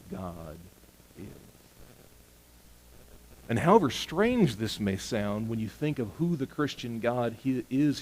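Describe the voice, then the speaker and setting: A male pastor giving a sermon in an animated storytelling style, moving between loud emphasis and hushed lines. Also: fairly low pitch, slight background noise, rough recording.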